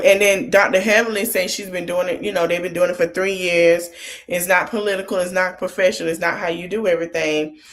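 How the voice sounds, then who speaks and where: A woman hosts a casual podcast recap, talking loosely and informally. She laughs often as she retells scenes. She slips in quoted lines from the cast as she goes. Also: fairly low pitch. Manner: informal colloquial speech. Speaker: podcast host.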